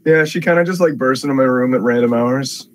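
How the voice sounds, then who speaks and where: A young man in a casual comedy podcast, joking deadpan with his friends. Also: mid-range voice, brisk.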